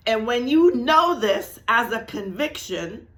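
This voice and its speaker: A woman hosting a spiritual talk, speaking slowly and emphatically, repeating key phrases and checking in with viewers. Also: on the high side, lively intonation, fairly bright tone. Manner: addresses viewers directly with "right?" and "y'all". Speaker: spiritual channel host. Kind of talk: teaching talk to camera.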